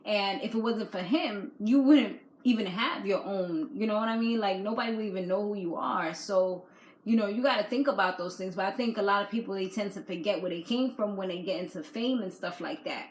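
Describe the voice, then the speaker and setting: A woman giving a casual video recap of a reality show, chatty and animated, full of fillers. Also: mid-range voice, brisk, reverberant, low-quality recording.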